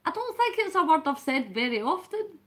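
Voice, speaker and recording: A woman's voice: very high voice, big pitch swings, a little fast, a bit bright. A Scottish woman hosting a late-night live stream, talking casually and at length to her viewers and greeting them by name. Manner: rambling and chatty, talks to the chat by name.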